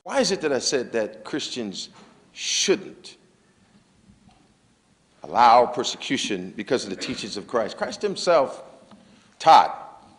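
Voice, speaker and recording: A man's voice: mid-range voice, sing-song, slow pace, pauses often. A man giving a religious lecture in a conversational, reflective way. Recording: long reverb of a large hall.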